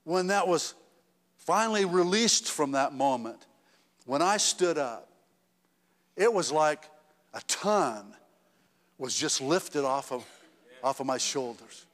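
A man's voice: fairly high pitch, lively intonation, slow pace, pauses often, a bit bright, in a large hall. A man preaching a sermon in a church, talking conversationally with restarts and rising to emphatic peaks. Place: church sanctuary.

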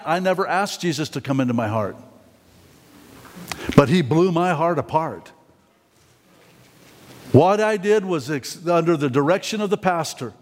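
A man's voice: on the high side, long reverb tail. A man preaching a candid, folksy sermon testimony in church, often repeating words as he talks.

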